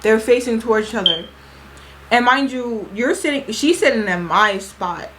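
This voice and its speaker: A woman's voice: fairly high pitch, normal speed, background noise. A young woman retelling a party story in a chatty, slangy way, acting out what people said. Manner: chatty, animated, slangy retelling with acted-out quotes. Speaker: storytime vlogger. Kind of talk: casual storytime vlog.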